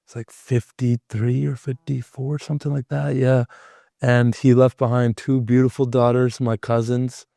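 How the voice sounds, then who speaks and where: A man hosting a podcast tells a personal story in a loose, chatty way, with a lot of filler words. His mid-pitched voice has a gravelly, fry-laden edge. The sound is close and dry. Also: little pitch movement, moderate pace, mellow, no room sound. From Canada. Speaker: podcast host. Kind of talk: casual conversational storytelling.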